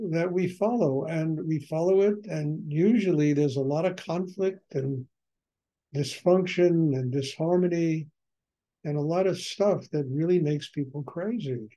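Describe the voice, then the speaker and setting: An older man speaking as a spiritual teacher, very slow and unhurried. His voice is mellow and dark, sitting a little higher than most men's. He strings out repeated phrases and leans on "you know" as he reflects. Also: rough recording.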